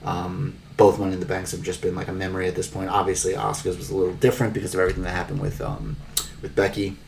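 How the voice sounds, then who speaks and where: Male podcast host, lowish voice, loose and wry, filler-heavy; slightly distant mic with faint background noise. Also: monotone, very fast, vocal fry, a little mellow. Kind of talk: casual wrestling recap.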